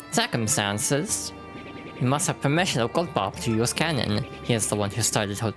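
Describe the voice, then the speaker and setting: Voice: mid-range voice, natural voice. A streamer voicing Bob-omb townsfolk from a video game with a put-on foreign accent and clipped, broken grammar, reading the dialogue aloud.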